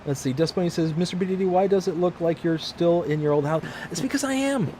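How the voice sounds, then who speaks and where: Man, gaming livestream host, reads chat aloud, upbeat and friendly, slightly high voice, faint background hiss. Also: fairly even intonation, fast talker, warm tone. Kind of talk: casual livestream chat reading comments. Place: home room, mostly packed up.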